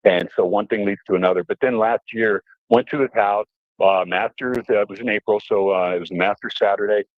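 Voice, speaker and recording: A middle-aged man from New Jersey, a radio guest, telling animated stories full of fillers and acted-out quotes. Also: lowish voice, a little fast, no echo. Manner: animated storyteller, fillers, mimics voices. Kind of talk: casual radio storytelling. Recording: tinny phone-line audio.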